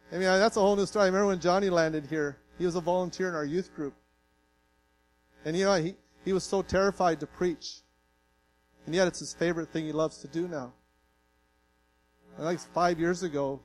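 Canadian-raised guy pastor giving a sermon, kinda high voice, folksy and earnest, low hum in the background. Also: rough recording. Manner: earnest, folksy, emotional, self-deprecating humor.

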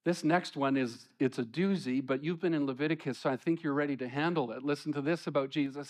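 Male pastor, high-ish voice, easy conversational sermon delivery. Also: fairly quick, hardly any pauses. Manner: conversational preaching with rising emphasis on scripture.

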